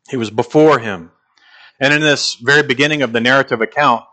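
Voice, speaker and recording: A male preacher with a bright, forceful voice delivers an expository sermon. He is emphatic and drags out key words for weight. His pitch sits in an ordinary middle range. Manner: emphatic, slows down to stress key phrases.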